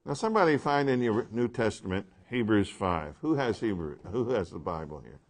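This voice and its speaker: A man's voice: lowish voice, lively intonation, a little fast. A man teaching a Bible class, speaking emphatically and asking his listeners questions.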